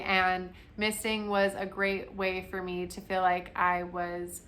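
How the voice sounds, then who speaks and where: Bright, chatty young woman vlogging. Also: medium pitch. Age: 20s. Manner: chatty, self-mocking, laughs often. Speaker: plant vlogger. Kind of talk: casual chat to camera.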